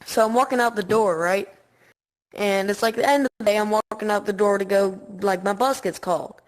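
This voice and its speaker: A woman's voice: medium pitch, fairly even intonation, fairly quick, rough recording. Female podcast guest, chatty and teasing, everyday mid voice. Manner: chatty and playful, slangy. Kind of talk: casual chat, telling school stories.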